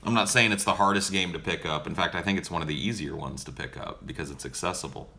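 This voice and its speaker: A man's voice: low-pitched, fast, creaky, sharp tone, slight background noise. A young man casually answering viewer questions on a livestream in a profane, joking, laid-back way.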